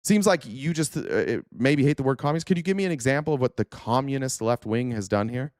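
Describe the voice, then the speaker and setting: A man's voice: mid-range voice, lively intonation, fast, a little mellow, no room sound, clean studio sound. A man hosting a political talk stream, ranting angrily with heavy profanity and sarcastic mock quotes while answering chat comments. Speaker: political talk show host.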